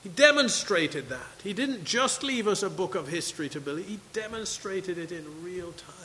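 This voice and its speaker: A man's voice: high-pitched, lively intonation, normal speed, bright, forceful tone, in a large hall, slight background noise, poor audio. A man preaching a sermon to his congregation, reading scripture and asking questions. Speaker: pastor. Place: church sanctuary.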